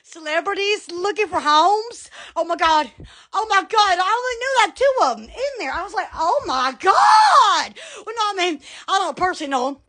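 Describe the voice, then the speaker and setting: Talking fairly quickly at an extremely high pitch, this Southern US-accented livestream host sounds animated and fairly bright, with a little hiss or hum. She holds the phone close for a silly face-filter chat, giggling, squealing and exclaiming throughout.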